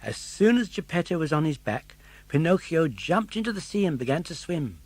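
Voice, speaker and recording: Lively older man reading a storybook. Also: a little high, normal speed. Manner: expressive, animated storytelling. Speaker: audiobook narrator. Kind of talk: storybook narration.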